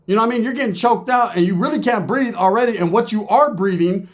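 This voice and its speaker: In a fast, high voice, a Californian man delivers a profane monologue about prison. He swears freely and acts out the voices of the other people in the story.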